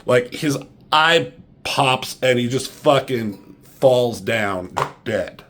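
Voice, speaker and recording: A man casually reviewing a comic book, sarcastic and profane, mocking the characters with quick impressions. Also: mid-range voice, expressive, a bit bright, slight background noise.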